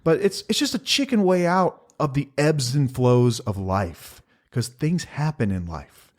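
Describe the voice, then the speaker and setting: A man's voice: mid-range voice, sing-song, a little slow. A man, co-hosting a casual podcast and talking emphatically, with a sarcastic streak. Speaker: podcast co-host.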